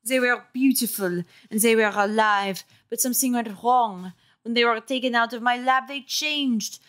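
A woman with a sore throat voicing a sinister older male mask-maker in a slow, mournful put-on French accent. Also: fairly high pitch, a bit bright, pitched above the performer's own voice, lightly acted.

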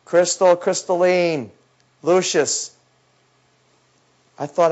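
A man giving a lecture, telling a story in an animated way and acting out his own past words, often dropping to a low, intense tone. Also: measured pace. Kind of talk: lecture talk. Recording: dull lo-fi recording.

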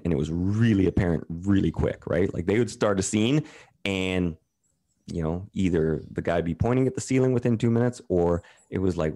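A Canadian man whose warm voice sits low tells casual stories as a talk podcast guest. Candid and profane, he acts out others' words in their own voices.

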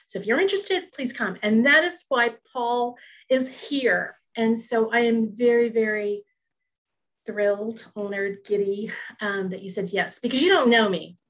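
A woman's voice: a little high, a little slow. A woman hosting a photography group over a video call, introducing her guest in a chatty, enthusiastic way with frequent restarts. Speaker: host of a photography group talk.

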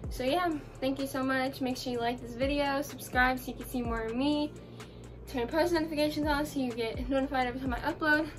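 A young woman vlogger, out of breath after exercising, rambles chattily through a casual workout vlog full of fillers. Her voice is high and steady in tone, fairly quick, with background music running beneath it.

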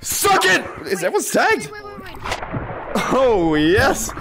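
High-voiced hyped young livestreamer man. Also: wildly swooping pitch, slow pace, background noise. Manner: hyped, shouting and laughing while playing. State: out of breath. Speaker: gaming livestreamer. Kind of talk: excited livestream commentary.

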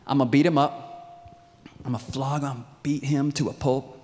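A blunt Roman governor lays out his plan in brisk, offhand talk, as a preacher plays him. A man's voice carries a long echo from a large hall. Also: mid-range voice, fairly even intonation, darkish tone, slight background noise, close to an everyday voice.

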